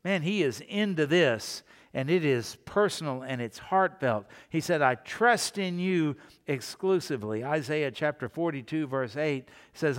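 Man, middle-aged pastor, sermon, conversational preaching, smooth resonant voice, long hall reverb. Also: fairly high pitch, animated, measured pace, few pauses. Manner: conversational preaching, rising for scripture quotes.

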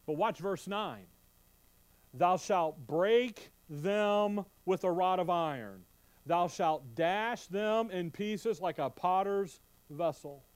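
A man's voice: high-pitched, clean tone. A man preaching an expository Bible sermon, reading scripture aloud and quizzing his listeners with questions. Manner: animated, quizzing the congregation with questions; reads scripture aloud in King James wording.

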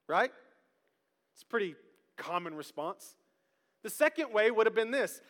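High, bright-voiced preacher in a big hall. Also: male voice, fast. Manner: lively, humorous, calls out to the congregation. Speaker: pastor. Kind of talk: sermon. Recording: long reverb of a large hall.

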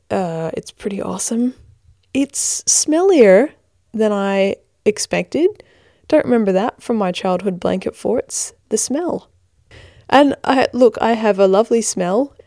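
A woman's voice: mid-range voice, darkish tone, no room sound, studio quality. A tired woman in her twenties with a hybrid American-Australian accent, hosting a casual podcast, giggly and self-deprecating, recorded in a bedroom blanket fort. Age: 20s. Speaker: podcast host.

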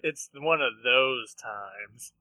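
A man's voice: medium pitch, extremely slow, bright, forceful tone, dry recording, poor audio. Young man laughing through teasing banter. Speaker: podcast co-host. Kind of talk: casual chat.

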